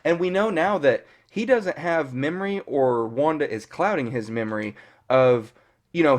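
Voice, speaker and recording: A man giving a casual, rambling episode recap as a fan reviewer, full of fillers and mild swearing. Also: mid-range voice.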